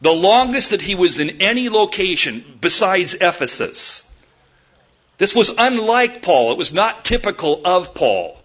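Male pastor, animated sermon, slightly high voice, dull lo-fi church recording. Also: measured pace. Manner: animated storytelling, acts out quoted voices.

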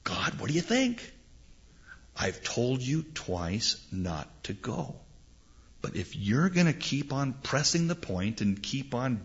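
A stern and weary divine voice, as a preacher acts it out, by turns grumbling and exasperated. The pitch swings widely, and the recording is lo-fi. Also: male voice, a bit bright. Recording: dull lo-fi recording.

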